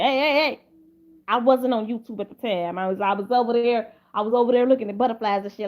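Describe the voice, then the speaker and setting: High-voiced profane woman vlogger. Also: fast. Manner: profane, rambling, with lots of repeated restarts. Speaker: commentary vlogger. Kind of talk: casual drama commentary.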